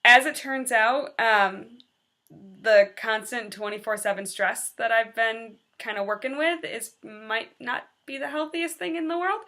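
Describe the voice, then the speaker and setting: A young woman in her twenties speaks in a personal vlog confession, candid and earnest. Her voice sits a little high and sounds bright and sharp. She opens up in a plain, confessional way. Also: unhurried. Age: 20s. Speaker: teacher.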